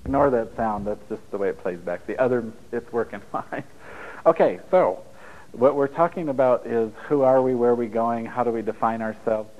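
A middle-aged man at a mid-pitched, everyday register speaks to a room full of listeners. He talks in a loose, rambling way, jokes and chuckles at himself, and drifts between stories and points like a relaxed spiritual teacher. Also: moderate pace, highs cut off. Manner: rambling, joking, laughs at his own lines. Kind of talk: informal spiritual talk to an audience. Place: room with a live audience.

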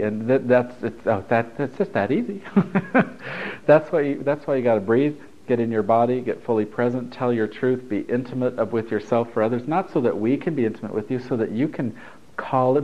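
A man's voice: mid-range voice, muffled recording. Easygoing man giving a spiritual talk. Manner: loose, conversational, laughs and swears freely. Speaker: spiritual teacher. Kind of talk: informal spiritual talk to a group.

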